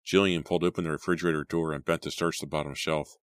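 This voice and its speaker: A man narrating an audiobook in a steady, dramatic storytelling manner. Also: very deep voice, fast, dry recording, studio quality. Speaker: audiobook reader.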